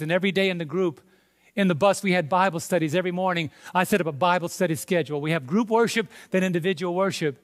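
Male preacher, New York accent, emphatic sermon delivery, high voice. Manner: emphatic, rising to loud stresses on key words. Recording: long hall reverb.

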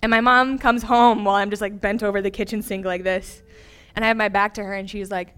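A young woman preaching a sermon, telling a personal story with lively, animated voices for the people she quotes. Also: medium pitch, brisk, clean tone.

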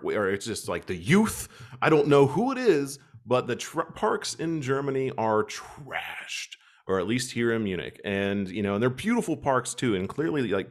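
A young American man from Kentucky, chatting casually as a podcast co-host and acting out quoted voices as he tells stories. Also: mid-range voice. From Kentucky, USA. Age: young adult. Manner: animated storyteller, acts out quoted voices, swears casually. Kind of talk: casual chat.

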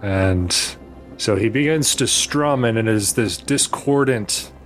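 A man playing a tabletop role-playing game, talking through his character's actions in a measured way. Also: fairly low pitch, soft background music. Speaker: player. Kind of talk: tabletop role-play session.

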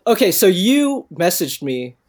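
A man's voice: high-pitched, sing-song, a little slow. A man co-hosting a podcast in casual chat, teasing his partner with laughs and hesitant fillers. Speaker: podcast co-host.

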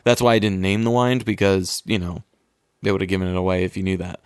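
A man's voice: deep voice, little pitch movement, quick pace, clean tone, no room sound, clean studio sound. A man hosting a casual quiz game among friends, talking in a laid-back, hesitant way with lots of fillers and casual swearing. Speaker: quiz host. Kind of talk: casual podcast chat.

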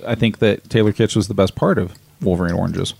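A man's voice: fairly low pitch, quick pace, vocal fry, a little mellow, slightly rough. A man on a podcast panel, making dry, wry remarks in casual chat.

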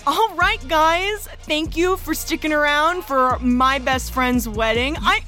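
A woman's voice: sits high, takes it slowly, music in the background. A woman co-hosting a casual podcast, enthusiastically retelling a film with frequent giggles. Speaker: podcast co-host.

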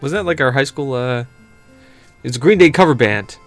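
A man's voice: medium pitch, lively intonation, normal speed, soft background music. A man hosting a casual gaming podcast, laid-back and chatty while playing a board game. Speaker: podcast host and editor.

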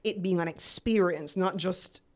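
A woman's voice: on the low side, a little slow. A woman in her forties, a guest on an interview show, telling her story in a chatty way and acting out remembered conversations. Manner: chatty, acts out remembered dialogue. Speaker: guest entrepreneur.

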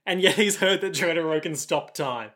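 Man, casual anime recap, dry deadpan asides, slightly high voice. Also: moderate pace. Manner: dry, deadpan, narrates scenes with jokey asides. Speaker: podcast co-host.

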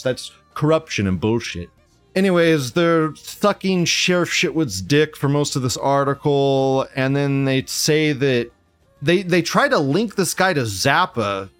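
A man's voice: fairly high pitch, fairly bright tone, no room sound. A man hosting a news commentary show in a casual, profane, mocking rant, laughing often.

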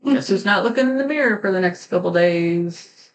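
A woman co-hosting a casual podcast, relaxed and answering mostly with short replies. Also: fairly low pitch, moderate pace, a little hiss or hum, rough recording. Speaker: podcast co-host.

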